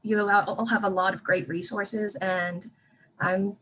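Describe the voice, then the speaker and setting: Woman on a video call panel, relaxed and encouraging, faint hiss behind. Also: medium pitch, takes it slowly, rough recording. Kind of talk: online panel discussion.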